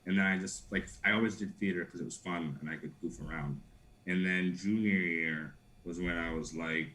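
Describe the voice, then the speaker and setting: A man's voice: low-pitched, steady tone, moderate pace, sharp tone, a little hiss or hum. A young man, a guest actor, chatting casually and playfully on a live stream, giggling and dropping into silly accents.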